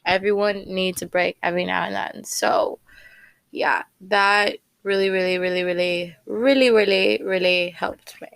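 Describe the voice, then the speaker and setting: A woman's voice: medium pitch, fairly even intonation, moderate pace, vocal fry, a bit bright, smooth, no echo. A young woman hosting a casual solo podcast, rambling with many fillers and repeated words. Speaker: podcast host.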